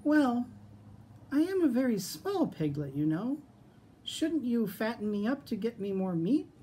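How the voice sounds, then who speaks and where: A cheeky little piglet. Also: male voice, big pitch swings, unhurried, dark tone, slight background noise, exaggerated voice. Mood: coaxing. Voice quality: high squealing voice. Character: chatty small male piglet, cheeky and clever.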